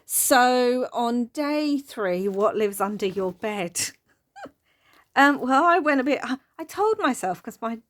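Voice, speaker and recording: A woman's voice: fairly high pitch, expressive, slow pace, fairly bright tone. Chatty, giggly middle-aged woman. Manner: chatty and rambling, prone to giggling fits. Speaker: craft channel host. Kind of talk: casual journal flip-through chat.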